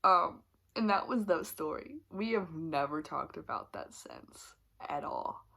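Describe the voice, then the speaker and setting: A young woman telling a storytime confession, casual and rambling with loose laughter. Her voice sits a little low for a woman. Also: lively intonation, a little slow, vocal fry, fairly bright tone. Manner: rambling and candid, full of fillers and laughs. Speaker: vlogger.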